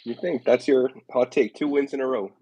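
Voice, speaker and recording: A man co-hosting a casual chat, giving measured, thoughtful opinions. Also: mid-range voice, fairly even intonation, dark tone, breathy edge, dry recording, lo-fi sound. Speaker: podcast co-host.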